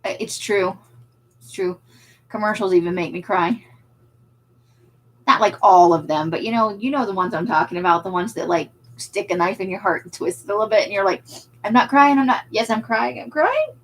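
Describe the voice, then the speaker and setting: A woman's voice: on the low side, brisk, poor audio. A woman who runs a craft shop, hosting a casual livestream and chatting with viewers. She is self-deprecating and laughs often.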